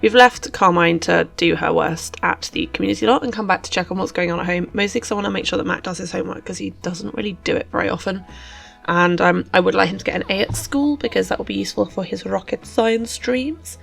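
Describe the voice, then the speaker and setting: A woman's voice: medium pitch, fast, creaky, soft background music. A woman, a host chatting playfully through casual game commentary. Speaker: let's play host.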